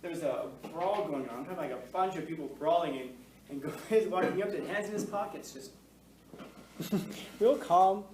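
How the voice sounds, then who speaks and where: A man's voice: fairly high pitch, moderate pace. Joking male teacher in an echoey classroom. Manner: casual and joking, full of fillers, quizzes the class. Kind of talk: classroom lecture. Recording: echoey classroom, mic far off, faint noise.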